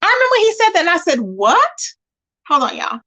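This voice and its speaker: Woman livestreaming, high voice, aave, gossipy and chatty with her chat. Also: very animated, racing, pushed and bright. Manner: chatty, talks to viewers directly. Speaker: livestream host.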